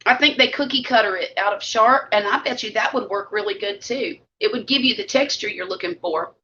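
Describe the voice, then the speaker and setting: This vlog host, a middle-aged woman with a Southern US accent from the Mississippi Gulf Coast, visits casually with viewers on a live stream between bites. She speaks fairly quickly in a bright, forceful, mid-range voice, chatty and homey, over dull lo-fi audio.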